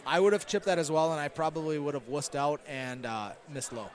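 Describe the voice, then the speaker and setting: A man's voice: on the high side, expressive, a little fast. A man giving casual live commentary on an arcade golf game, chatty and analytical, with self-deprecating asides and many fillers, in a noisy bowling alley.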